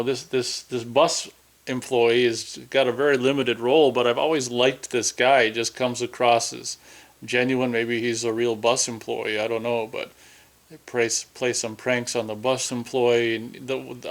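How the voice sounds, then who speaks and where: A man from Minnesota, giving rambling, chatty commentary over a movie with frequent restarts. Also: medium pitch. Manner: rambling, chatty, self-interrupting. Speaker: film commentator.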